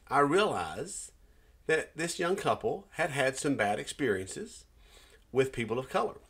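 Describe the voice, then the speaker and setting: A middle-aged man speaks as a minister giving a personal testimony. His tone is earnest, and he tells a story with pauses and small restarts. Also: medium pitch, a bit bright, breathy edge. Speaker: Christian minister.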